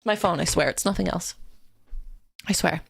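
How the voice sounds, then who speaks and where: This is a woman streamer on a casual live stream, giggly and quick to swear. Her voice has a gravelly, fried edge and is pitched in the middle range. The desk-mic sound is dry, with no room around it. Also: no echo. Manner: chatty, giggly, swears freely. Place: home streaming setup.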